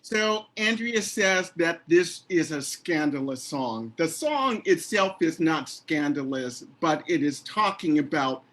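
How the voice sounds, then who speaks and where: A man introducing his choir and its song in a relaxed, explanatory way. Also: on the high side, slow, few pauses. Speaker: choir member introducing the group. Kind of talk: casual spoken introduction.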